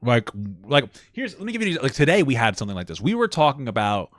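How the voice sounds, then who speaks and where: A man's voice: mid-range voice, no echo, studio quality. A man co-hosting a casual chat, talking animatedly, swearing and jumping in often. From New York. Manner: animated, swearing, quick to jump in. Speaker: podcast co-host.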